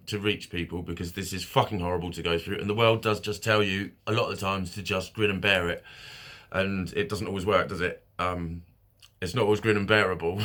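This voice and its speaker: A man's voice: lowish voice, pushed and bright. Tense-voiced man swearing through a candid video diary. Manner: frank and heavy on swearing, halting with fillers and self-corrections; laughs nervously between thoughts. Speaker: mental health vlogger.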